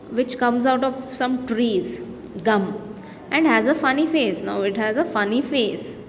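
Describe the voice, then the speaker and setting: Indian woman teacher explaining a poem. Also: fairly high pitch. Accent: Indian English. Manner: reads poem lines aloud then explains in simple words, mixing Hindi. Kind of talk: explaining a poem to young students. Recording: long-reverb room with faint background noise.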